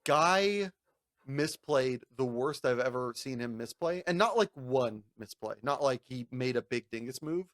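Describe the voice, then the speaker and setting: A man's voice: measured pace, no echo, studio quality. A man telling a long story in casual chat, swearing, laughing and mimicking others. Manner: animated, profane, laughing, mimics people in high voices. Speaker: podcast co-host.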